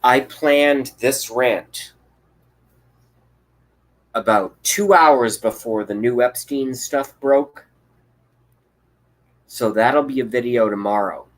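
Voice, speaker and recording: A man's voice: mid-range voice, takes it slowly, pauses often, low-quality recording. A man hosting a livestream, delivering an angry, profane political rant with contempt. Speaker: livestream host.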